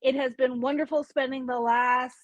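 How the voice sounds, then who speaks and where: A woman's voice: high-pitched, little pitch movement, normal speed, dry recording, dull audio. A woman hosting a casual live product showcase from a craft store, chatty and upbeat, with small asides as she lists items.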